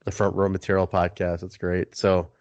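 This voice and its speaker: A man's voice: sits low, moderate pace, no echo, dull audio. A man hosting a podcast, telling a story in casual chat, acting out other people's lines and swearing for effect. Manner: animated storyteller, swearing, acting out quoted voices. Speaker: podcast host.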